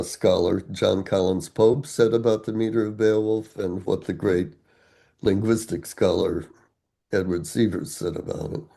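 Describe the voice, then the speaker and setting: Slow, gravelly older man. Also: lowish voice, warm tone. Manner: slow, deliberate, with frequent fillers. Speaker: author being interviewed. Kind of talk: explaining and reciting verse.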